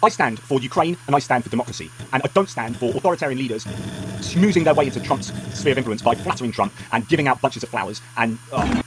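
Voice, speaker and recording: A man's voice: medium pitch, animated, fast talker, very noisy. A man giving heated political commentary, angry and emphatic, ranting with many restarts.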